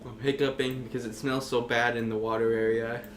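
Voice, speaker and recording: A man's voice: medium pitch, flat delivery, a little fast. A man playing a tabletop game, stating his character's moves plainly. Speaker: player. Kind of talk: casual chat at a tabletop game. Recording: echoey room, faint music behind.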